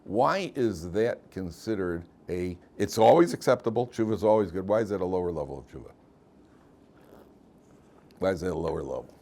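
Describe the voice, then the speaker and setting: A man's voice: sits low, moderate pace. A middle-aged man teaching a class as a rabbi, telling stories and jokes, often repeating and restarting his phrases. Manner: animated storyteller, repeats phrases, many restarts. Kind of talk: casual lecture with jokes.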